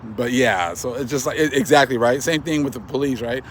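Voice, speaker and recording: A man's voice: medium pitch, a little fast, a little hiss or hum. A man with a young son gives a casual, mocking commentary monologue, laughing often and calling listeners man and bruh. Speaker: online commentator.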